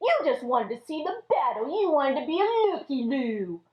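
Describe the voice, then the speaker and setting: A woman voicing a rude older brother who scolds in slow, sneering lines. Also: high-pitched, very animated. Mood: scolding. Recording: echoey room, dull lo-fi audio.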